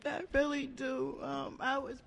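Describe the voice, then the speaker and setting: A woman giving a raw, emotional personal share at a support meeting, talking in halting bursts with many restarts and plenty of swearing. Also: high-pitched, level tone, vocal fry. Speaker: member sharing at a support meeting. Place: meeting room. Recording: echoey hall.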